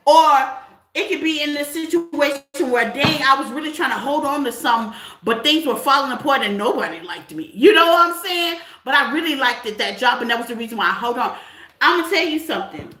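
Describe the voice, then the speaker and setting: A woman gives a spiritual tarot reading in a high, bright voice. She talks in a loose, chatty way and keeps asking "okay?" The room around her is echoey. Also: expressive, fairly quick. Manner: conversational, chatty, repeats "okay?" often. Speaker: tarot reader.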